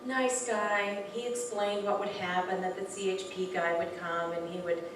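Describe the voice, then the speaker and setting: A woman telling an informal personal story to a spiritual gathering. She is animated, often restarts sentences and uses many fillers. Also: mid-range voice, moderate pace. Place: hall of a spiritual center. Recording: very echoey room from far off with faint noise.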